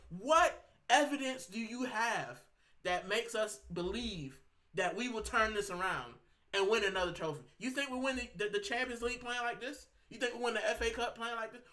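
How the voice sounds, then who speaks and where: Speaking in a very high, pushed, bright voice, this man rants furiously to camera on his fan channel. He's ill and straining to speak, yet keeps fuming and going back over the same points.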